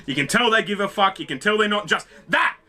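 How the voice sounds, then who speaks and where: A man, reacting excitedly to clips, swearing freely and calling out at the screen. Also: high-pitched, brisk. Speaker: reaction video host. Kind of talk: casual reaction commentary.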